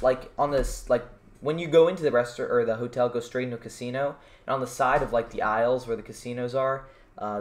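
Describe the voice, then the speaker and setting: Rambling man doing amateur stand-up. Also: medium pitch. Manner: rambling, many fillers and restarts. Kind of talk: self-written stand-up comedy monologue.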